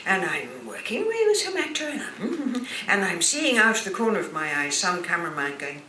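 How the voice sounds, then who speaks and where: A woman in her seventies, an actress guest telling expressive stories at a stage Q&A. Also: fairly low pitch, a little fast, slight background noise. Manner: animated, expressive storyteller. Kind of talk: anecdotal panel chat. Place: cinema stage Q&A. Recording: echoey hall, picked up from far.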